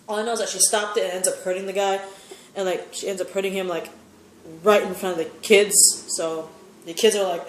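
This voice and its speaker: A woman's voice: on the low side, fairly even intonation, a little fast, reverberant, slight background noise. A woman giving a casual, opinionated recap of a TV episode, rambling with many fillers. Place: sitting in a chair at home.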